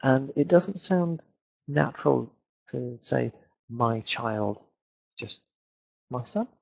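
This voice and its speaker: A man's voice: medium pitch, expressive, slow, vocal fry, slightly rough, muffled recording. A British man teaching English in a webinar lesson, explaining points and repeating words to show where the stress falls. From Britain.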